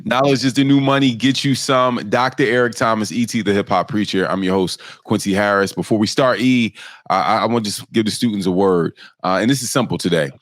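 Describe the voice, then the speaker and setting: A man's voice: lowish voice, brisk, no echo, clean studio sound. A man co-hosting a podcast in a casual way, hesitant and full of fillers as he introduces the topic. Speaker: podcast co-host.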